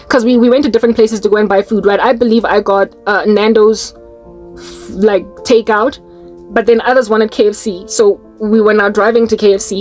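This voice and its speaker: A South African woman telling a personal story in a casual chat to her viewers, animated and quick to laugh. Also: mid-range voice. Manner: animated, breaks into laughter, slips into Tswana and Zulu words. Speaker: Christian YouTuber.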